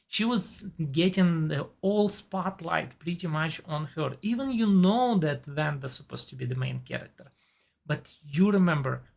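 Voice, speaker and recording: A woman in her forties speaks English with a non-native accent in a low, gravelly voice. She talks slowly and chats casually about shows and actors she loves, keen and unhurried. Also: animated, darkish tone. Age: 40s. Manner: chatty, enthusiastic about actors. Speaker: TV and movie reviewer. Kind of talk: casual chat.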